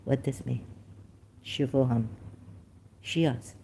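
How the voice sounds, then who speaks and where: A woman's voice: fairly low pitch, lively intonation, unhurried, warm tone, slight background noise. A woman with a Persian accent, speaking in broken English, hosts a rambling religious commentary live stream and often halts and interrupts herself.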